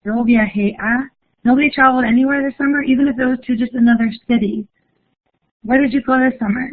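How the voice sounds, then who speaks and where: Upbeat young woman, higher voice, teaching a live online class over a thin phone-like line. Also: fairly even intonation, fast talker, slight background noise. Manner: upbeat, encouraging, reads chat aloud. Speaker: Spanish teacher. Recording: phone-like narrow audio.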